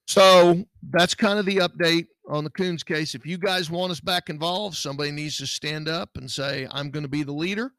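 A middle-aged man hosts a podcast with a gravelly, creaky voice. He talks in a folksy, earnest way and often restarts his sentences. The sound is close and dry. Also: fairly high pitch, moderate pace, few pauses, fairly bright tone, no echo. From Texas. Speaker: podcast host, private investigator. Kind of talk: casual podcast talk.

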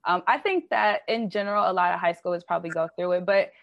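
A woman speaking as a podcast guest, reflective and hesitant, with frequent pauses and fillers. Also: fairly low pitch, vocal fry, no room sound, muffled recording. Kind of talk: candid conversation.

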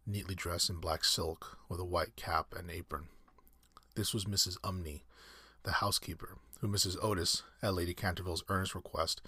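A man reading a classic story aloud in measured, scripted narration. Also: deep voice, sharp tone, husky, no echo, studio quality.

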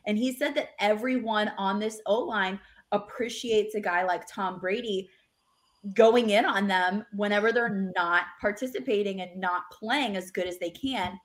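A woman's voice: medium pitch, measured pace. A woman co-hosting a sports podcast, chatting casually and reading out player quotes with energy. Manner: animated, reads out player quotes.

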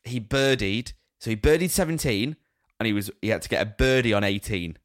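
Podcast co-host, man in his thirties, low voice, dry close sound, relaxed storyteller. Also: fairly quick, no room sound. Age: 30s. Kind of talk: casual chat.

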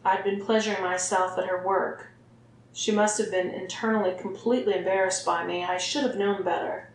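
A woman narrates a first-person story in a steady, even reading voice. Her pitch sits in the middle range, and the recording has a roomy echo around it. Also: slight background noise.

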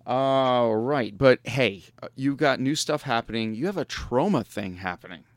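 Picture a man with an ordinary middle-pitched voice, recorded close and dry with no room sound. He hosts a loose radio chat, cracking jokes and chuckling between his rambling questions. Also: expressive, normal speed, dry recording. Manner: joking, laughs often, loose rambling delivery. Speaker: radio show host. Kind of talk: casual podcast interview.

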